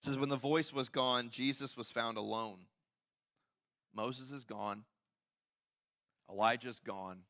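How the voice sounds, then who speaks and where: A man preaching a sermon in a church, talking conversationally, acting out quoted voices and often dropping to quiet emphasis. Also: medium pitch, fairly even intonation, slow, long pauses. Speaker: pastor. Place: church sanctuary.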